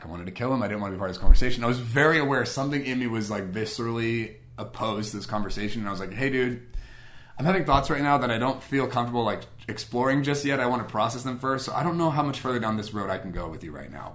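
A young man telling a personal story in a casual way, animated, acting out both sides of old conversations with many fillers. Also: mid-range voice, fast talker.

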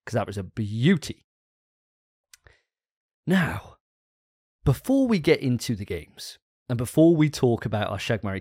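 Swearing podcast host. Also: male voice, medium pitch, a little mellow, dry recording, clean studio sound. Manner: enthusiastic, profane, laughing often. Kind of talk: casual chat.

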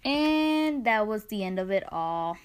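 A woman's voice: mid-range voice, expressive, a little slow. An eighteen-year-old woman hosting a podcast, talking casually in a chatty, sarcastic way. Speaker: podcast host.

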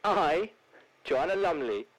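A man's voice: a little high, animated, slow, pitched above the performer's own voice, poor audio. A man doing a comic impression of a posh, theatrical older English actress who keeps calling people darling. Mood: grandly plummy. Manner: plummy, affected, calls people darling. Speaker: celebrity caller in a comedy bit.

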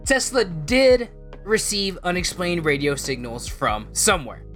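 A man's voice: high voice, very animated, takes it slowly, a bit bright, faint music behind. A man hosting a casual podcast, chatting and laughing often between his lines. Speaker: podcast host. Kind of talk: casual chat.

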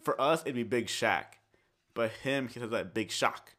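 A man's voice: mid-range voice, normal speed, fairly bright tone. Rambling young man telling a story. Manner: rambling, full of 'like' and laughter. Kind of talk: casual storytelling chat.

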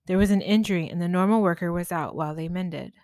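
A woman, a spiritual healer, narrating a story in a gentle, measured way. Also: on the low side, dry recording.

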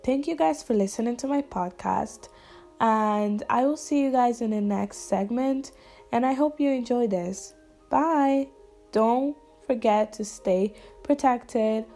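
A woman's voice: fairly high pitch, warm tone, faint music behind. A young woman hosting her own podcast, talking earnestly and encouragingly straight to her listeners in a casual solo chat. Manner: says she talks fast and runs out of breath. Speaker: podcast host.

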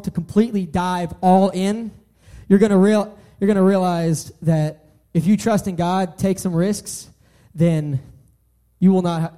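A man's voice: sits high, dark tone. A young man giving an earnest sermon, often restarting and repeating his phrases. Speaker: preacher.

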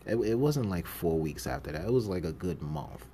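A man's voice: sits low, animated, normal speed, mellow, slight background noise. A man hosting a podcast, telling stories from his jobs in a casual monologue, acting out the voices of the people he quotes and laughing often. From New York City. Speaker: podcast host.

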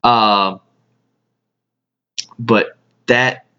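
A man hosting a podcast, speaking a casual tribute monologue in a halting way, often repeating his words. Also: medium pitch, fairly even intonation, pushed and bright, smooth. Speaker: podcast host. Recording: dull lo-fi sound.

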